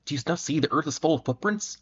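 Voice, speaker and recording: A man reading the lines of a perplexed ship's mate who mutters low. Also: animated, fast talker, slightly rough. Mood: bewildered. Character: ship's mate, gruff adult man, uneasy. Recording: muffled lo-fi recording.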